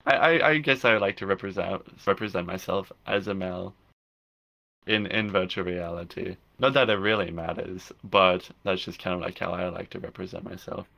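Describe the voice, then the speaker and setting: Young male guest, low gravelly tone with a bright edge, loose rambling delivery full of restarts. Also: normal speed. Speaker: guest filmmaker. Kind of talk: casual interview chat.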